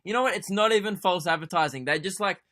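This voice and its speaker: A man's voice: high-pitched, fast, bright, forceful tone. A young Australian man hosting a comedy podcast, telling a sarcastic, sweary story. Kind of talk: comedic solo podcast rant.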